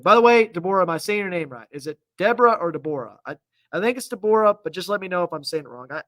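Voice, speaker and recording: A man's voice: on the high side, fairly bright tone, no room sound. A man presenting a casual weather live stream, chatty and upbeat as he reads out viewer comments, sounding a little congested. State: slightly congested. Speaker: TV meteorologist.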